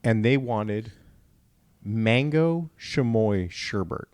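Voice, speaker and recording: A man, a father and podcast host, telling a profane, animated story in casual chat and acting out the dialogue. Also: lowish voice, slow pace, dry recording. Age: adult father.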